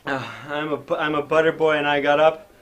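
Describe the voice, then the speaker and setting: A man's voice: fairly high pitch, flat delivery, brisk, a bit bright. A man hosting an improv comedy show, out of breath, rambling and stammering in a dazed way. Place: hot indoor stage.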